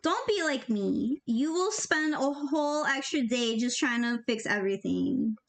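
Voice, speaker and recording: A young woman with a high, light voice talks her way through her work in a loose, rambling way. She jokes at her own expense and drops casual tips as they come to her. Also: expressive, unhurried. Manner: rambling, jokey, gives offhand tips. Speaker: animator. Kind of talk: casual commentary while working.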